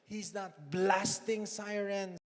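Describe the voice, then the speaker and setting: A man with a Filipino accent preaching a sermon, switching between Tagalog and English and swinging from loud calls to hushed whispers. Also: high-pitched, fairly even intonation, takes it slowly. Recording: long echo in a big hall.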